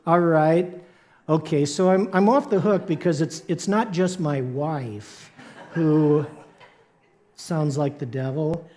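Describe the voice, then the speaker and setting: A man's voice: fairly high pitch, slow pace, dark tone. A man preaching a sermon in a church, playful and joking with the congregation. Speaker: pastor. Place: church sanctuary.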